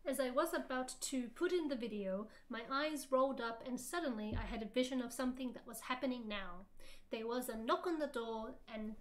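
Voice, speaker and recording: A woman's voice: on the high side, a little fast. A woman guest reading a story aloud for laughs, with giggly asides. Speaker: guest co-reader. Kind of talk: comedic reading on a livestream.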